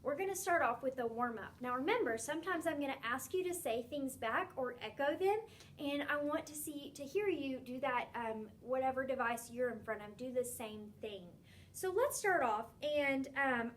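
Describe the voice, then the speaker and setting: A woman teaching a phonics lesson to young children, speaking slowly and pronouncing each sound clearly and encouragingly. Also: high voice, a bit bright. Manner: slow, clearly enunciated, encouraging.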